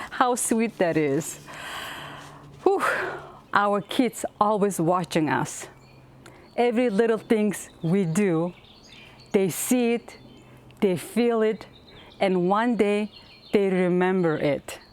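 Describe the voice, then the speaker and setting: A woman in her fifties from Mongolia, hosting her home baking vlog in a tender, earnest, unhurried way. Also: medium pitch, lively intonation, a little mellow. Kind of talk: heartfelt cooking vlog talk.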